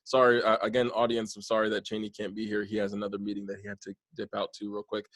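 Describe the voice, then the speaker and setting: A man's voice: on the low side, completely flat delivery, fast, a bit bright, no echo. A man hosting a podcast, talking earnestly and at length in a casual, rambling way with many restarts. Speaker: podcast host.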